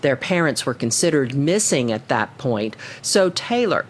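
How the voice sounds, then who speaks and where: A woman reporter narrating a scripted radio news story in a measured, even way. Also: very deep voice, a little hiss or hum.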